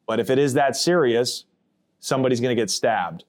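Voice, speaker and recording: Man, blunt plainspoken storyteller, casual and cursing, mid-pitched voice. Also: brisk. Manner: acts out others' voices in quotes. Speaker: former prisoner telling his story. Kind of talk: first-person storytelling podcast.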